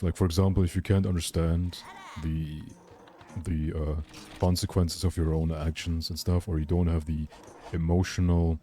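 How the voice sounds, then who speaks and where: A man's voice: low-pitched, dark tone. A man from Germany with a light German accent, rambling candidly in casual chat as a streamer.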